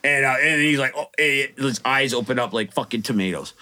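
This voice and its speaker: A man's voice: medium pitch, a little fast. A middle-aged man telling a wild story in casual chat, swearing freely and acting out the voices of the people in it. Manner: animated, swearing, acts out quoted voices. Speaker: rapper guest.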